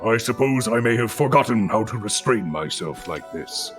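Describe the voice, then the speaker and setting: A man's voice: fairly low pitch, animated, normal speed, soft background music, natural voice. A man voicing a solemn ancient divine wolf. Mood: musing. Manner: formal, archaic phrasing.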